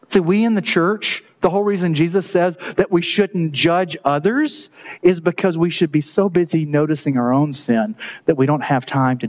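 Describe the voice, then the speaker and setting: A man's voice: fairly high pitch, darkish tone, rough recording. A man preaching a sermon in a conversational, joking way, laughing at his own asides. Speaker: pastor.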